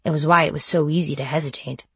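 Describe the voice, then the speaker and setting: Low, husky woman narrating a novel. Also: fairly even intonation, fast, a bit bright, no room sound. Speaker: audiobook narrator. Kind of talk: first-person scripted narration.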